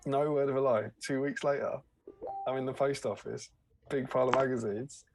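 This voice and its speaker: A man's voice: mid-range voice, a little fast, a little mellow, a little hiss or hum. A man co-hosting a casual livestream chat, telling anecdotes and laughing often. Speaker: co-host.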